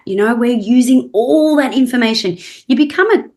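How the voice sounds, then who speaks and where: A woman's voice: on the high side, a little fast, darkish tone. A woman, a trainer explaining communication on a video call, often acting out rising and falling tones to make her point. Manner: demonstrates voice inflection, rising and falling for effect. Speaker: NLP trainer and hypnotherapist guest. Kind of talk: animated expert explanation.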